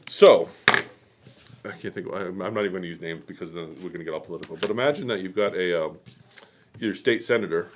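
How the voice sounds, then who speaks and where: A man hosting a quilt shop stream, telling a history story in a rambling, animated way with many fillers and asides. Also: low voice, fast talker, background noise. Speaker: host.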